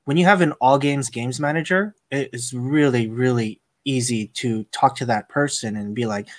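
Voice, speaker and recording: A man hosting a casual podcast, telling work stories with lively acted-out quotes. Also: mid-range voice, moderate pace, no echo. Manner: animated storyteller acting out quoted lines. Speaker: podcast host, casino dealer.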